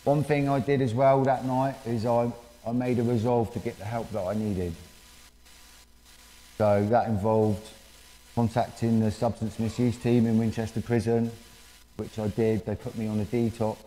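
A man giving a candid personal testimony in church, halting and full of fillers. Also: medium pitch, flat delivery, dark tone. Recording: reverberant church hall.

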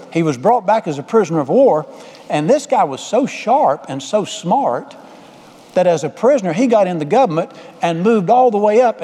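Man, pastor, folksy sermon, high-pitched, mellow tone, long hall reverb. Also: husky. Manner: folksy, conversational preaching with repeated phrases.

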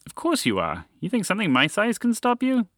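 A man's voice: high voice, huge pitch swings, a little fast, fairly bright tone, no echo, studio quality, pitched above the performer's own voice, exaggerated voice. A man voicing a small, impatient chocolate lab dog who talks in a judgmental, exasperated, condescending way in a storybook tale. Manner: judgmental, exasperated, matter-of-fact.

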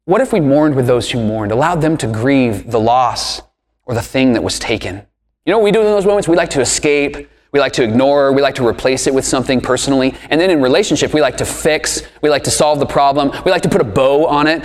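A man's voice: medium pitch, expressive, a little fast. Emphatic preacher man in a reverberant hall. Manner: emphatic, rising and falling delivery with rhetorical questions. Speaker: pastor. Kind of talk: sermon.

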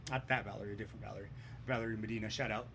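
Young man, casual storyteller, profane and animated, faint room noise. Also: on the low side, very fast, creaky. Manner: profane, animated, swears a lot. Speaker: podcast storyteller.

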